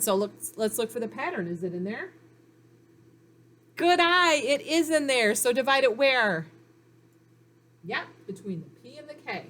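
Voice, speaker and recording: Encouraging woman teacher, slightly high voice. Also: fairly bright tone, a little hiss or hum. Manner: slow, clear, encouraging teacher talk with pauses for answers. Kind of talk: recorded phonics lesson for children.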